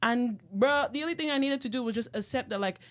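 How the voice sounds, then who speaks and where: A young woman from Nigeria, talking in an animated way in a casual chat. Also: on the high side, fast. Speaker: guest.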